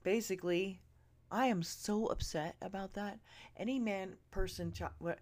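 A woman hosting a podcast, ranting straight at her listeners, swearing freely and swinging from loud outbursts to hushed asides. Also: medium pitch, expressive, a little slow. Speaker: podcast host. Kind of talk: ranting opinion monologue. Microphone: earbud listeners, close mic.

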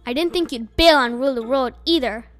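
A woman's voice: high voice, fairly quick, soft background music, close to an everyday voice. A woman reading an audiobook, voicing a teenage boy who rages and accuses his friend. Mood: furious. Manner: raging, accusing, sputtering.

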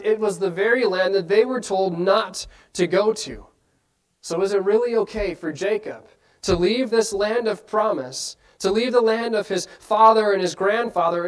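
A man's voice: high voice, moderate pace, rough recording. A man preaching a sermon in an earnest way, asking his listeners many rhetorical questions.

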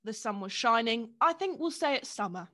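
A young woman co-hosts a loose, casual chat, teasing her friend and giggling often. Her voice sits slightly high. She drops the odd swear word without fuss. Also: lively intonation, normal speed, pushed and bright. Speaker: podcast co-host.

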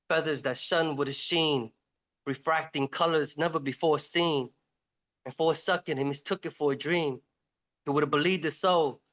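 A man's voice: fairly high pitch, a bit bright. Man reading a rhyming fable. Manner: lilting, dramatic spoken-word delivery. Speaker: host reading a poem. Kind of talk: rhymed storytelling narration.

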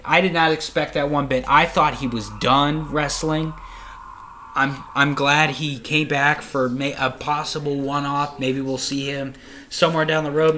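A young man hosting a solo podcast, reviewing in a casual, rambling way, excitable and full of swearing. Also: mid-range voice, slight background noise. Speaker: podcast host.

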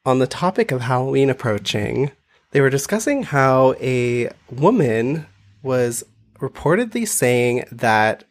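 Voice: mid-range voice, a little slow. A chatty podcast host whose voice swoops up and down. They talk through the story with lots of laughter and drop "like" into almost every line. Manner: animated, laughing, heavy use of "like". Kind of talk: casual chat.

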